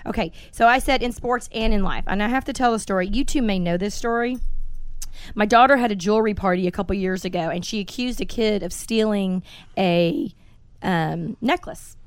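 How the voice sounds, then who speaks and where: A woman in her forties hosting a casual podcast, telling stories in a blunt, animated way and swearing freely. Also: medium pitch, moderate pace, smooth, dry recording. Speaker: podcast host.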